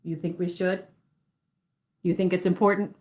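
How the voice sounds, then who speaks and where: A woman's voice: lowish voice, level tone, moderate pace, darkish tone. A young woman hosting a playful children's sing-along class, encouraging and laughing often. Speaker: children's music class host. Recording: roomy echo.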